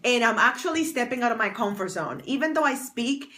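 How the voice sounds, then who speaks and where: A woman's voice: on the high side, expressive, fairly quick, sharp tone. A woman hosting a casual livestream as a fashion stylist and confidence coach, chatty and bubbly, thanking viewers by name. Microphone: external mic on phone stream.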